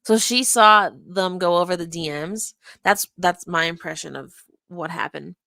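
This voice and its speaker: A woman's voice: on the low side, a little slow, gravelly, sharp tone, dry recording. A woman casually commenting while watching a past live stream, thinking aloud and unpacking what happened. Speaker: stream reviewer.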